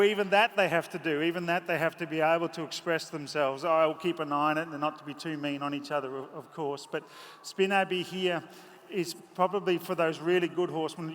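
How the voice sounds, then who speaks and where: A man's voice: a little high, steady tone, brisk, fairly bright tone. Emotional, joking Australian horseman. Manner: emotional, joking, chatty storyteller. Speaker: horse trainer giving a clinic. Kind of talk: live clinic commentary from horseback. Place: large indoor horse arena. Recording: echoey arena with faint ambience.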